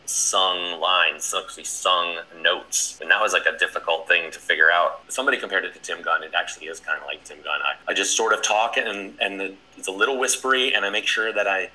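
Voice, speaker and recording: A man's voice: low-pitched, fairly even intonation, fairly quick, few pauses, sharp tone, low-quality recording. A man co-hosting a comedy show, bantering and joking as he answers viewer comments. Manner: joking, wordplay-loving.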